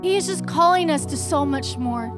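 Very high-voiced young woman preaching. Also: moderate pace, big-room sound, music in the background. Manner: chatty storytelling with slang asides. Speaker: church speaker. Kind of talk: casual conversational sermon. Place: church sanctuary.

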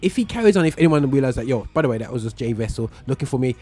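A man's voice: mid-range voice, sing-song, very fast, mellow. A man hosting a radio show, chatting casually in a rambling, slangy way and digressing often. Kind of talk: casual chat. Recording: music playing underneath.

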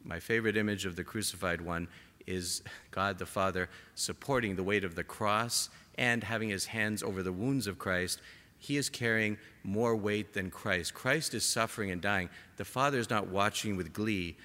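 A man preaching a sermon to a gathered congregation, impassioned, rising to emphatic peaks and dropping to soft, quiet lines. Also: on the low side, normal speed. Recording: long hall reverb.

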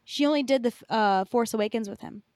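A woman's voice: a little high, fast, a little mellow, no echo, clean studio sound. A woman co-hosting a podcast, recapping news in casual chat with many fillers. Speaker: podcast co-host.

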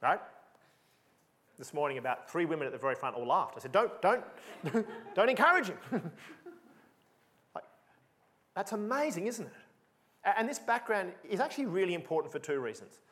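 Emphatic, lively male preacher. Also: sits high, quick pace. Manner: emphatic, animated, repeats for emphasis. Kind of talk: sermon.

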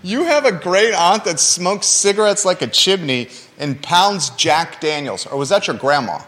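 A man's voice: a little high, expressive, unhurried, a bit bright, big-room sound. A man hosting a local talk show, reading news items and then bantering playfully with his co-host with lots of teasing questions.

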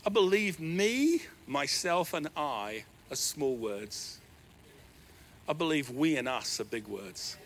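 A man preaching a sermon as pastor, animated, with sudden swings between loud, raised lines and quiet asides. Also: fairly high pitch, takes it slowly.

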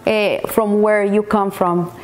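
A woman giving a weekly Torah talk, speaking in halting bursts and often repeating words as she searches for them. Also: medium pitch, steady tone, a little mellow, slight background noise. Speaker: Torah teacher.

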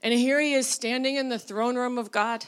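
High-voiced woman preaching with animated bursts. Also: normal speed, clear, resonant tone. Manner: animated, rising to emphatic bursts; conversational, with fillers and laughs. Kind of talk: sermon.

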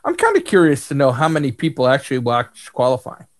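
A man's voice: mid-range voice, huge pitch swings, fast talker. A man co-hosting a casual racing podcast, joking and teasing, often restarting his sentences. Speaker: co-host.

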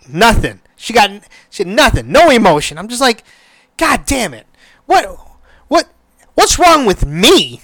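Slow-talking, emotional man host. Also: sits high, fairly bright tone, no echo. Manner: emotional, swearing, rambling with many restarts. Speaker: podcast host. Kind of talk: casual solo chat.

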